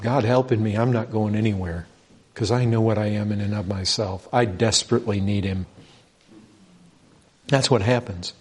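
A man preaching a sermon, animated, asking the congregation rhetorical questions and stressing points with rising emphasis. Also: fairly low pitch, moderate pace, pauses often.

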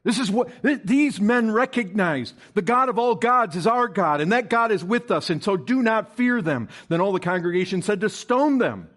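A man's voice: high voice, expressive, moderate pace, hardly any pauses, fairly bright tone. A man preaching a sermon to his congregation, reading scripture aloud, asking the listeners questions and building to emphatic, stressed bursts. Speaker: pastor.

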